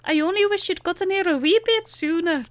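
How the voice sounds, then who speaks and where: A woman's voice: very high voice, fairly quick, pitched above the performer's own voice. A woman voicing a spirited young Scottish princess with an exaggerated put-on Scottish accent, reading game dialogue aloud. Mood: earnest.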